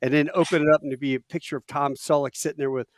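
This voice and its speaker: Man in his late fifties, podcast host, casual storytelling, higher voice, dry close mic. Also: rapid-fire, no room sound. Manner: animated, laughs often, does loud impressions of drill instructors.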